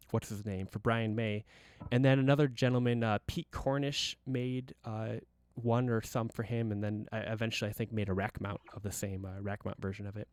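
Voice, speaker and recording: A man's voice: on the low side, a little mellow, clear, resonant tone, dry recording, clean studio sound. A man hosting a casual guitar gear demo, enthusiastic and rambling, with many restarts.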